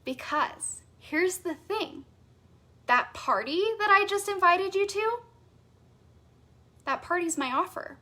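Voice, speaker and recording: A woman's voice: very high voice, expressive, takes it slowly, long pauses, pushed and bright. A woman business coach teaching a live online masterclass, bubbly and enthusiastic, stopping to read out viewers' comments.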